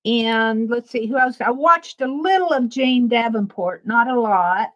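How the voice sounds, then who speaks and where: A middle-aged woman from the American Midwest speaks in a high, fairly bright voice through her casual crafting livestream, with the highs cut off in the audio. She rambles slowly and easily as she works, laughing often between thoughts.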